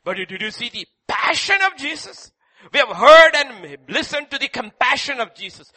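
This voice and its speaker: A man preaching a sermon, repeating rhetorical questions and swinging between loud cries and hushed passages. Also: very high-pitched, very animated, moderate pace.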